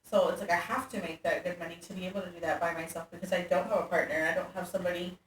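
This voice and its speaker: A woman with a fairly low voice talks candidly as an interview guest, full of fillers. She sits well back from the mic, and the room adds a noticeable echo over a faint ambient bed. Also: fairly even intonation, rapid-fire, distant mic, slight background noise. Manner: candid and conversational, many fillers. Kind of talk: casual chat.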